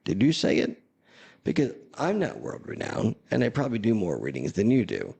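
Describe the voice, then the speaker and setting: A man's voice: medium pitch, wildly swooping pitch, normal speed, creaky, darkish tone, husky. A man hosting a casual chat, talking in a blunt, sarcastic, rambling way. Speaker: host.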